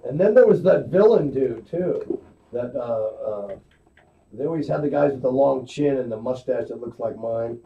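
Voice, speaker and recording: A man's voice: mid-range voice, expressive, moderate pace, creaky. A man co-hosting an online radio show in casual chat, rambling and hesitant, laughing easily. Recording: distant lo-fi webcast audio.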